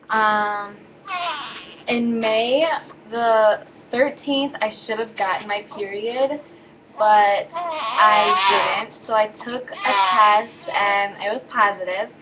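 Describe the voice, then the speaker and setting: A woman's voice: mid-range voice, muffled recording, noisy background. A teenage girl telling a personal story in a loose, rambling way, full of fillers and self-corrections, recorded at home. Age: teens. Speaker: vlogger. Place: home, indoors with baby.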